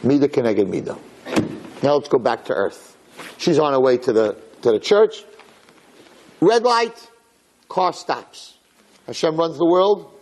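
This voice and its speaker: A man telling a religious story in a dramatic, animated way, acting out the characters. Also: medium pitch, moderate pace, a little hiss or hum. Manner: lively, dramatic, acts out characters.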